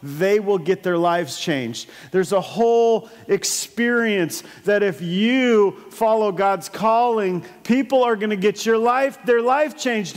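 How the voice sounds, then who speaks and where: High-voiced pastor preaching in a reverberant hall. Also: male voice, slow pace, hardly any pauses. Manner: storytelling with sudden loud bursts and asides. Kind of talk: sermon. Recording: long church hall reverb.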